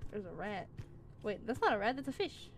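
A woman giving excitable let's play commentary, reacting out loud and swearing as she plays. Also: medium pitch, brisk, a little hiss or hum. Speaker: gaming channel host.

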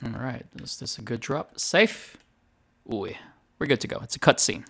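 A man's voice: medium pitch, animated, moderate pace, fairly bright tone, slightly rough. A man streaming a video game, chatting casually at a desk microphone, laughing often and correcting himself. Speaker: gaming streamer. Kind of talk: casual gameplay commentary.

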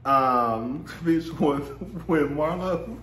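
A man's voice: on the high side, extremely slow, fairly bright tone, reverberant, a little hiss or hum. A man casually recapping a reality show, sassy and profane, laughing often and mimicking the cast. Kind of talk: casual chat.

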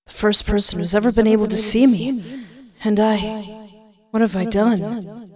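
A woman voicing a lonely male ghost in a game, speaking slowly and regretfully. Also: high-pitched. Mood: sorrowful. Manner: slow and regretful.

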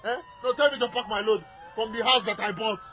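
Agitated Nigerian man shouting on a call. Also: high voice, fairly even intonation, fast, faint music behind. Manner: agitated, shouting, repeating himself. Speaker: caller. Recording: muffled archival emergency call audio.

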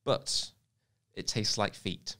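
A man, an entomologist guest, explaining casually in a relaxed, good-humoured way. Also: slow pace.

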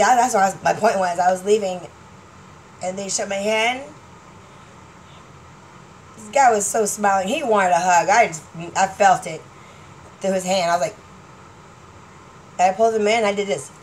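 A woman vlogger talking casually to camera, chatty and excitable, laughing often. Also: mid-range voice, normal speed, long pauses, slight background noise, low-quality recording. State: partially deaf.

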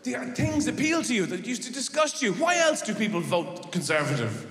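A man doing a stand-up comedy routine in a rambling, deadpan way, bursting into shouted silly voices. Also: high-pitched, a little fast. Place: large theatre stage. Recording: live hall with audience noise.

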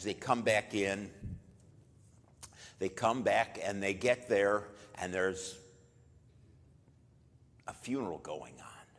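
A low-pitched man preaches a memorial sermon in a church, his voice trailing off into a long reverb. He tells the story in an easy, conversational way. He gets much louder and higher when he voices the people in the story. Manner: conversational storytelling with sudden loud bursts for quoted lines. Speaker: pastor.

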